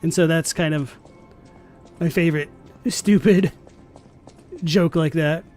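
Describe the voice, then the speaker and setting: A young man with a notably high speaking voice rambles through a live game stream in a dry, deadpan delivery. Faint game music hums behind him. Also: moderate pace. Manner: rambling, filler-heavy. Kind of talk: casual live-stream chat while gaming.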